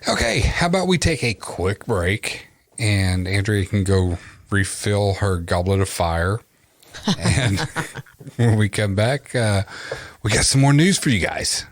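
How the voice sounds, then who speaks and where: A man's voice: fairly low pitch, lively intonation, slow pace, dry recording. A man hosting a paranormal podcast, cracking jokes and leading into the break. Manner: joking, leads into breaks. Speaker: podcast host. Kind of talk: casual chat.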